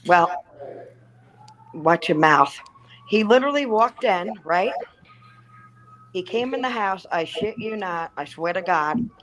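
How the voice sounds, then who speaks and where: A woman in casual conversation, telling a haunting story in an animated, profane way and acting out what people said. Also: on the low side, rough recording. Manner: animated, profane, acts out quoted lines. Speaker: guest.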